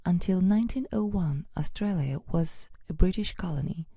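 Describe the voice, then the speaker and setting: A woman reading a scripted educational narration in an even, measured way. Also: fairly low pitch, vocal fry, slightly rough, dry recording.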